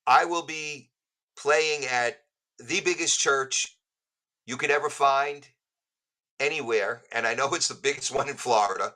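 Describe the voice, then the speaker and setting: A man's voice: medium pitch, a little slow, sharp tone, poor audio. A man, a musician guest on a podcast, telling jokey stories in casual chat. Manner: joking storyteller.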